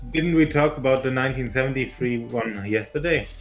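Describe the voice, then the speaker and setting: A man's voice: medium pitch, a little fast, soft background music, poor audio. A man co-hosting a casual podcast, reading history facts and making dry, offhand remarks. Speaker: podcast co-host.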